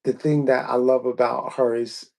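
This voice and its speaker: A male podcast host with a gravelly, creaky edge to his voice. He speaks in slow, measured phrases, filling gaps with "um" as he frames his questions. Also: mid-range voice, little pitch movement, darkish tone. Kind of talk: casual podcast interview.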